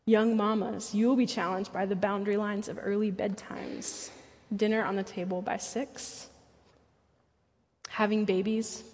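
A woman's voice: medium pitch, flat delivery, measured pace, darkish tone, long reverb tail. A woman speaking at a church and preaching a sermon, earnest and personal, with playful asides.

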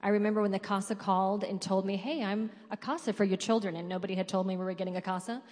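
A woman's voice: mid-range voice, level tone, quick pace, a little mellow. A woman, a former foster parent, speaking earnestly on a panel before an audience. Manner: earnest, heartfelt. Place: large hall with an audience. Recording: hall reverb.

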